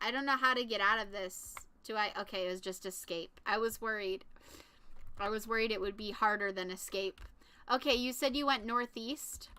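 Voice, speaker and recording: A woman streaming a browser game, chatting and reacting excitedly out loud as she plays. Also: mid-range voice, clear, resonant tone. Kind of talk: casual live game stream commentary.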